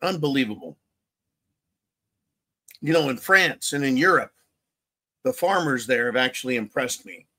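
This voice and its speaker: A man's voice: medium pitch, expressive, moderate pace, long pauses, bright, forceful tone. A man hosting his own channel, ranting angrily through political commentary, swearing heavily and repeating himself, with sarcastic asides. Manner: angry, heavily profane, repetitive. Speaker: channel host.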